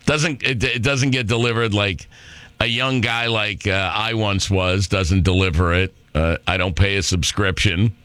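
A man's voice: fairly low pitch, steady tone, measured pace, a bit bright, clean tone, dry recording. A middle-aged man hosting a talk radio show, brash, sarcastic and rambling. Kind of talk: opinionated talk radio monologue. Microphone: studio microphone.

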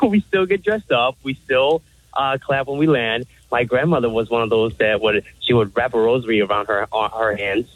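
A man from Puerto Rico calling into a radio show, relaxed and laughing. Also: mid-range voice, normal speed, dry recording. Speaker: caller. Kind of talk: phone call to a radio show. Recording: tinny phone line.

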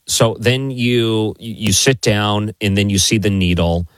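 A man hosting an interview, asking steady, probing questions and recapping the guest's story. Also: on the low side, unhurried. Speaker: interview host.

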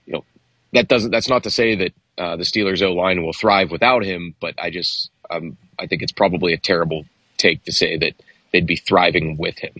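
Man, sports radio co-host, very low husky voice, dry studio sound, halting delivery. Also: fairly even intonation, bright, forceful tone, no echo. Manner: halting, many restarts and fillers. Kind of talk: casual sports talk.

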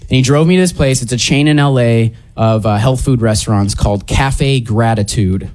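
A man's voice: medium pitch, normal speed, darkish tone. A man doing a stand-up routine before a live audience, telling his story in a dry, conversational way. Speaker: stand-up comedian.

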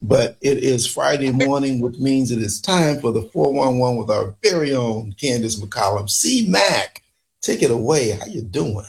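A man's voice: mid-range voice, normal speed, hardly any pauses, darkish tone. A man hosting a morning radio show, joking and easygoing in casual banter.

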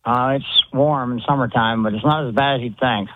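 A male radio caller chatting in an easygoing, unhurried way. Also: mid-range voice, slight background noise. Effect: phone line. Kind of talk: call-in phone chat. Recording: tinny phone line.

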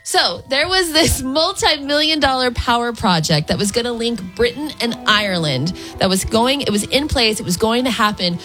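A woman's voice: fairly high pitch, moderate pace, few pauses, fairly bright tone, soft background music. A woman co-hosting a morning radio show, chatting casually and laughing easily while reading entertainment news.

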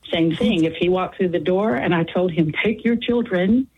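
A woman's voice: on the low side, slightly rough. An older woman calling in to a radio show, talking earnestly and giving heartfelt advice. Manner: earnest, advice-giving, slows at key points. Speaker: caller. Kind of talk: call-in radio chat. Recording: tinny phone line.

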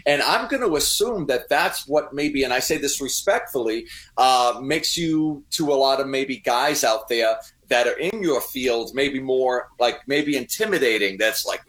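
A man's voice: mid-range voice, expressive, unhurried, hardly any pauses, fairly bright tone. A man hosting a casual conversation, agreeable and encouraging, with frequent affirmations. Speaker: host.

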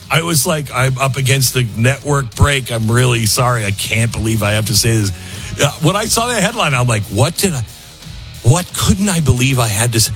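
A man's voice: medium pitch, expressive, a little fast, fairly bright tone, soft background music. A man hosting a talk radio show, rambling and self-mocking as he reads ads and reacts to headlines. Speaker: radio host.

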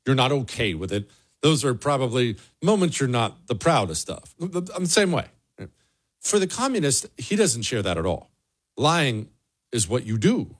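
A man's voice: medium pitch, big pitch swings, normal speed, husky. A man hosting a political commentary show, blunt and sarcastic, with emphatic repetition. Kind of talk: opinionated solo commentary.

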